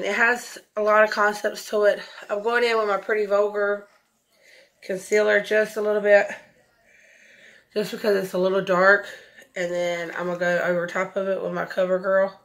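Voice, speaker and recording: A woman's voice: medium pitch, a bit bright. Effusive woman chatting about makeup. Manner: chatty, effusive, says y'all a lot. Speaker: beauty vlogger. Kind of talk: casual makeup tutorial chat.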